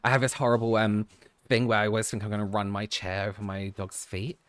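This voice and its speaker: A man's voice: on the low side, little pitch movement, a little fast, fairly bright tone, clear, resonant tone, dry recording. A man streaming a game, chatting casually and rambling as he plays, often breaking into laughter. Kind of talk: casual chat while playing a game.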